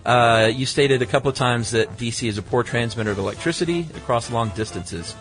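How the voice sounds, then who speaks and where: A middle-aged podcast co-host chats in an easygoing way and reads out listener mail. His medium-pitched voice is fairly quick and a bit bright, with faint music playing behind him.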